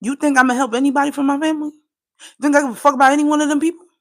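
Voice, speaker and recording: Woman from Trinidad, high-pitched, holding back tears, swearing hard through an insistent livestream rant. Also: steady tone, very fast, fairly bright tone. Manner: profane, impassioned, insistent. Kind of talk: emotional live-stream rant.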